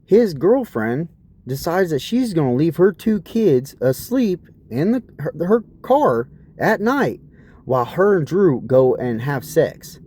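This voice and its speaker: Aggrieved man ranting, lively pitch. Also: takes it slowly, slightly rough. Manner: aggrieved, profane, repeatedly asks what is wrong with people. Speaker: vlogger. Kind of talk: rambling personal account.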